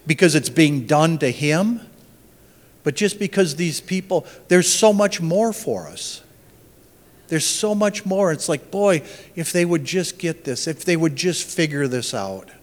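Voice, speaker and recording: A man's voice: on the high side, in a large hall. A man giving an informal Bible teaching, thinking aloud and often restarting his phrases.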